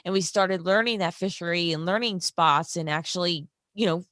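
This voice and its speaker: A woman's voice: lowish voice, moderate pace, a bit bright, no echo, clean studio sound. Friendly woman guest chatting casually. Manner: friendly, responsive, laughs along. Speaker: guest, fishing video maker. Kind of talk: casual chat.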